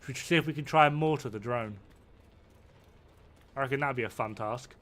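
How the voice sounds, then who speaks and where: A man's voice: mid-range voice, brisk, fairly bright tone. A man in his thirties in casual gaming chat, blunt, sweary and rambling. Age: 30s. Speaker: player.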